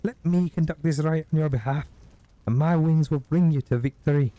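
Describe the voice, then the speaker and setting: Man playing a high, theatrical winged lady who coaxes and flatters. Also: normal speed, no room sound, highs cut off, natural voice. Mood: grand. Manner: coaxing, theatrical. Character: coaxing winged woman, playful and persuasive.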